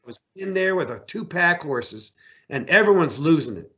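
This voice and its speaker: A middle-aged American man, an outfitter and hunting guide, telling stories in a casual interview, animated and repeating words as he acts out voices. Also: a little high, normal speed.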